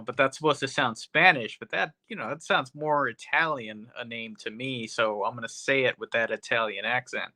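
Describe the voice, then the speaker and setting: A man's voice: medium pitch, sharp tone, dry recording. A man hosting a podcast, recapping a movie in a rambling, profane, casual way full of "you know". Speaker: podcast host.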